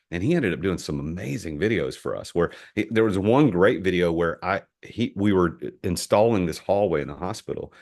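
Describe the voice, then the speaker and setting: A middle-aged American man with a very deep, low voice tells a story as a podcast guest. He speaks in an animated way and stumbles over the start of sentences, repeating a word or two before pressing on. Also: brisk, few pauses. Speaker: entrepreneur guest.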